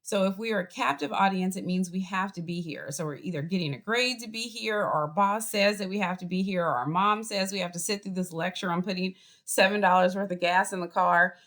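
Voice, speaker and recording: A woman's voice: fairly low pitch, a little fast. Boston-accented woman lecturing on a video call. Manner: lively, chatty teaching with acted example voices. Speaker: college professor. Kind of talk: online class lecture.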